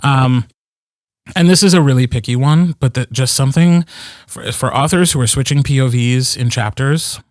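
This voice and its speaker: A man's voice: mid-range voice, moderate pace, dry recording, clean studio sound. A man who narrates audiobooks, co-hosting a podcast in casual chat with many fillers and restarts.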